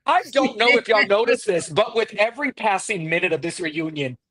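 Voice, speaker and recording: A man hosting a casual reality TV recap podcast, telling the story in an animated way and laughing often. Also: high-pitched, brisk, dry recording. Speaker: podcast host.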